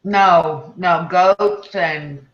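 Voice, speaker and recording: A man's voice: high voice, very slow, echoey room, muffled recording. A man chatting loosely and jokingly on an online group call. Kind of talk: casual online group chat.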